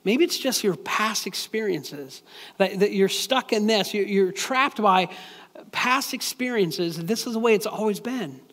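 A man with a high-pitched voice delivers a sermon in a loose, conversational style, often breaking off and restarting his sentences. His voice rings out with the long reverb of a large hall. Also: expressive, measured pace, fairly bright tone. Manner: conversational, plain-spoken preaching with frequent restarts. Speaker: preacher.

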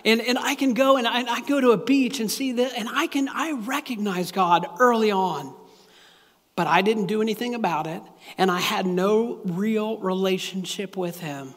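High-voiced man preaching in a hall. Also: normal speed. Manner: earnest, animated preaching with repetitions. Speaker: pastor. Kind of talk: sermon. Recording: long hall reverb.

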